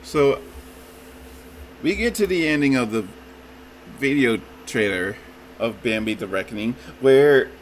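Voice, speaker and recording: A man's voice: medium pitch, expressive, a little slow, long pauses, slight background noise, rough recording. A man giving a casual, rambling review of a movie trailer, often calling his listeners "folks" and restarting his sentences. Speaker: YouTube reviewer.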